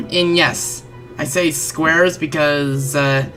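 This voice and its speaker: A woman with a low voice and a bright, forceful edge talks through a game as she plays. She sounds stuffy and a little congested, rambling and correcting herself as she goes. Faint game music runs underneath. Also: fairly even intonation, very slow. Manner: rambling, often self-correcting. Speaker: gaming channel host. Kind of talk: let's-play game commentary.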